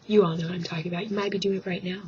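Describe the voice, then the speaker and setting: A woman with a lowish, steady, slightly mellow voice races through a joking rant to her webcam at home, slipping into mock voices and whispered asides. The webcam mic gives dull lo-fi sound with a little hiss or hum.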